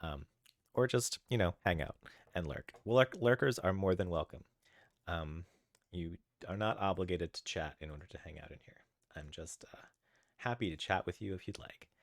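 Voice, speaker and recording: A man's voice: low voice, normal speed, no room sound. A man streaming live, chatting casually with viewers while coding and getting sidetracked. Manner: easily sidetracked, greets chatters by name; chatty, thinks aloud while searching.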